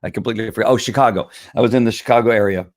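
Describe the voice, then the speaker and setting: Man, hoarse voice, low pitch, dry close sound, rambling live-stream talk, clears throat often. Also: racing, dry recording. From Southern California. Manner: rambling, many fillers and restarts, frequent throat clearing. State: hoarse, losing his voice. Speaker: live stream host selling wellness products. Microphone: computer or phone camera.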